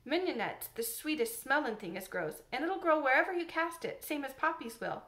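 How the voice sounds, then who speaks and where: A woman's voice: high voice, animated, fairly bright tone. A woman doing a cheery country boy. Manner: quick, easy, good-humoured.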